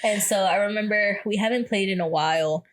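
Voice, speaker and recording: A young pregnant woman co-hosting a podcast, telling animated stories in casual chat and laughing often. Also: medium pitch, fairly quick. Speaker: podcast co-host.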